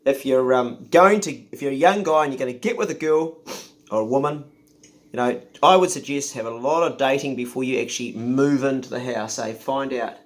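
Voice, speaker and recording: A man's voice: mid-range voice, a little fast. A middle-aged man, hosting a casual, joking chat at home with his partner. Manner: joking, self-mocking. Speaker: host.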